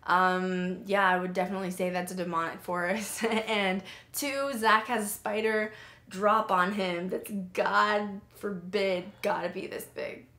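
A woman's voice: mid-range voice, a little slow, echoey room. A young woman in her twenties, hosting a paranormal podcast, chatting casually and telling stories with lots of fillers. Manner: chatty, animated storytelling with many fillers. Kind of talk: casual chat reviewing a show.

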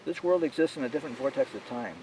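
A calm coven-leading goddess, voiced by a male author reading aloud. She speaks evenly and reassuringly in a mid-range voice. The mic sits at a distance with faint noise behind. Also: mid-range voice, fast talker, lightly acted. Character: calm blue-skinned female goddess, coven leader.

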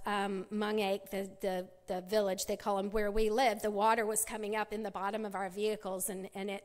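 A middle-aged woman giving a personal testimony at a church women's conference, storytelling with many restarts. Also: on the high side. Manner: storytelling, many restarts, acts out quoted voices. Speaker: conference speaker. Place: church sanctuary. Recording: long hall reverb.

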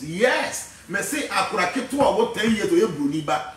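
A Ghanaian man holds forth in a preachy, digressive way, his voice pitched fairly high for a man. He sits well back from the microphone. Heavy room echo surrounds every word. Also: expressive, measured pace, a bit bright, recorded from a distance. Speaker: spiritual teacher. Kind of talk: casual talk mixing English and Twi.

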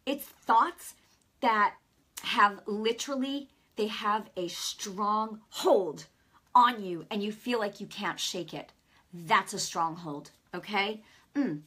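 A middle-aged woman hosting a Christian broadcast preaches directly to camera as a host and Christian teacher. Her voice is mid-range, husky, pushed and bright, and she takes it slowly. Her delivery is conversational yet emphatic.

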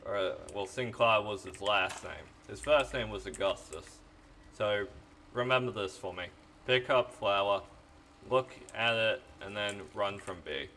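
A man slowly commentating over a video game in a bright, lowish voice, loose and profane as he jokes with a friend. A faint hiss of room noise runs under the recording. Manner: rambling, swearing, joking. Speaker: let's play host. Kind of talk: casual gaming commentary.

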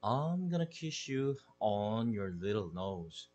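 A man's voice: lowish voice, very animated, slow pace, a little mellow, dull audio, a little hiss or hum. A man with a Korean accent voicing a doting mother who coos at the family cat in a sing-song way. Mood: cooing. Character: fussy doting mother of the household.

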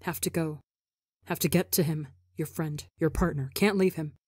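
A woman's voice: deep voice, steady tone, moderate pace, darkish tone, husky, no echo, studio quality. A woman voicing a frantic young man who stammers in panic over his partner, in an audio story reading. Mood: distraught.

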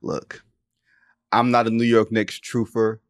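A man's voice: lowish voice, flat delivery, measured pace, no room sound, studio quality. A man in his forties hosting a casual sports podcast, emphatic and joking, slipping into slang.

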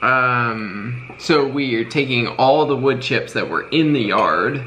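A young man talks casually beside his co-host, his voice mid-pitched and easy. He rambles a little as he explains things. Faint background noise sits under the recording. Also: takes it slowly, rough recording. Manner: relaxed, rambling. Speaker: vlogger, co-host. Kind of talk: casual vlog chat.

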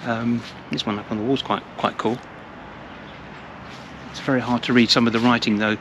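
A man's voice: mid-range voice, level tone, normal speed. Chatty man vlogging on a village walk. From England. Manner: chatty, rambling, repeats words. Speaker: travel vlogger. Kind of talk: casual walking vlog narration. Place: outdoors in a village, walking. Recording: outdoor recording with clear traffic noise.

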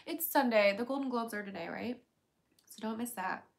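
A woman's voice: normal speed, vocal fry. A woman hosting a casual livestream, reading viewer comments aloud in a playful, chatty way. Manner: jumps to a high baby voice when calling her cat. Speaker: livestream host.

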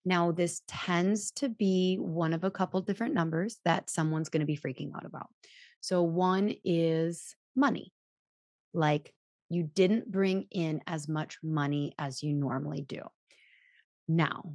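A woman's voice: on the low side, dry recording, studio quality. A woman chiropractor hosting a podcast, talking through business advice in a chatty, self-mocking way and acting out the voices she quotes. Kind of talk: casual advice talk.

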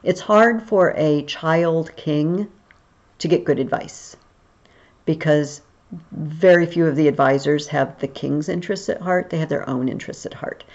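Woman, history teacher, chatty video-lesson delivery, slightly low voice, muffled lo-fi recording. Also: unhurried, darkish tone. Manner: chatty, explaining aloud.

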